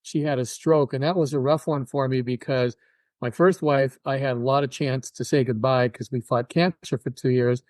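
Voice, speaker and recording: An older man talking as a guest in an interview, telling personal stories with an animated delivery and acting out other people's words. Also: medium pitch, normal speed, no echo. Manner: animated, acts out quoted voices. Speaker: guest musician. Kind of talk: casual interview storytelling.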